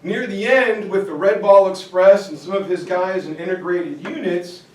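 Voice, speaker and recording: A man giving a history lecture to parents, telling stories in a casual, lively way. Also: high-pitched, moderate pace. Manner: casual, animated storytelling. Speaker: high school teacher giving a parent lecture. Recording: echoey room, distant mic, faint noise.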